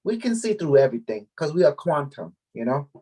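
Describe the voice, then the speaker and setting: A man's voice: fairly high pitch, very animated, fairly quick, dark tone, breathy edge. Rambling man. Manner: rambling, repeats words, mixes languages. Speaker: group leader. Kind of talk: casual spiritual talk to followers.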